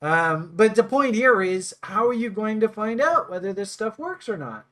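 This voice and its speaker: A man's voice: sits high, big pitch swings, moderate pace, fairly bright tone. A man hosting and teaching trading in a casual, rambling way, joking and thinking aloud with many fillers. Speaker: trading instructor and host.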